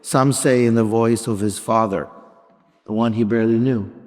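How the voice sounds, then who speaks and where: Rabbi preaching in a reverberant hall. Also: male voice, mid-range voice, fairly even intonation, a little mellow. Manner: reflective, dramatic pauses and shifting volume. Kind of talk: sermon with storytelling. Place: large sanctuary before a congregation. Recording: long reverb of a large hall.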